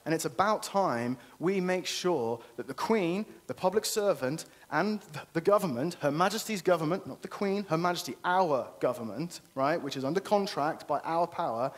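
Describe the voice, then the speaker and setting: Earnest man giving a conference talk. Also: on the high side. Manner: earnest and persuasive, often ending points with "okay?". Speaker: conference speaker. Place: conference venue.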